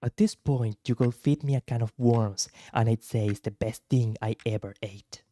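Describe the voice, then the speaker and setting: A man's voice: medium pitch, fairly even intonation, normal speed, dark tone, dry recording, natural voice. A man voicing a verbose, sardonic young brother. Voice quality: articulate, dry and sarcastic.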